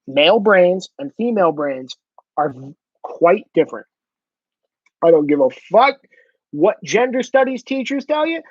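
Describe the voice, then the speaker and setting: A man's voice: sits high, very animated, a little slow, pauses often, dry recording, lo-fi sound. A man in a blunt, profane ranting monologue, swearing heavily for emphasis. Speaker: commentator.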